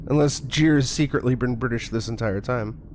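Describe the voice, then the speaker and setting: A man's voice: mid-range voice, normal speed, a little mellow, slight background noise. Blunt, swearing male game streamer. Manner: blunt, profane, muttering. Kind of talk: casual gameplay commentary.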